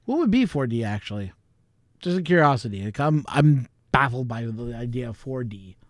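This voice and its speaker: A man's voice: mid-range voice, big pitch swings, normal speed, no room sound, clean studio sound. Rambling, chuckling male vlog host. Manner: rambling, chuckling, thinking aloud. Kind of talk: casual chat.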